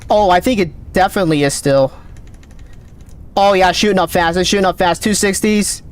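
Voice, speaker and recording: A man streaming a game live, calling out readings with excited running commentary, his voice cracking. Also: high voice. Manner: excited, calls out numbers rapidly. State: voice cracking, thirsty. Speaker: gaming streamer.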